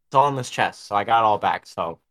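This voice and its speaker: A man's voice: fairly low pitch, lively intonation, fast, fairly bright tone, no echo. A young man co-hosting a podcast, rambling through a gaming story in casual chat and swearing freely. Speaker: podcast co-host.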